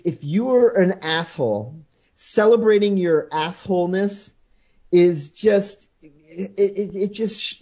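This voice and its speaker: A man co-hosting a podcast in casual chat, wry and halting, with frequent restarts as he searches for words. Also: high-pitched, mellow. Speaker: podcast co-host.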